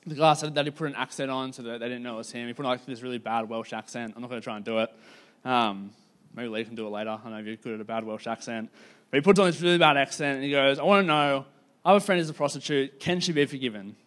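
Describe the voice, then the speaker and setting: A man preaching a sermon in a casual, conversational storytelling way, with lots of "like" fillers and slowing down to stress key points. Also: medium pitch, steady tone, fairly bright tone. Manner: casual, filler-heavy, slows down for emphasis.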